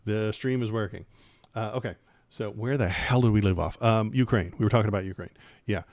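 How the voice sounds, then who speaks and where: A man's voice: lowish voice, fairly quick, darkish tone, no echo. A man hosting a political livestream, talking casually with a sarcastic, rambling, jokey manner.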